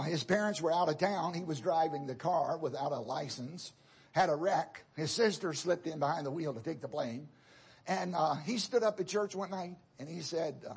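A male preacher with a very raspy, husky voice that sits fairly high. He delivers a sermon in a chatty, repetitive way, speaking directly to the congregation.

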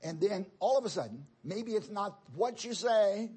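A male preacher with a very raspy, husky voice that sits fairly high. He delivers a sermon in a chatty, repetitive way, speaking directly to the congregation. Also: lively intonation, normal speed, darkish tone.

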